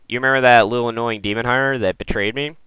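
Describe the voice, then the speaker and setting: A man's voice: medium pitch, steady tone, fast talker, sharp tone, clear, resonant tone, no echo, close to an everyday voice. A man doing a scheming demon lord. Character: scheming male demon lord giving orders.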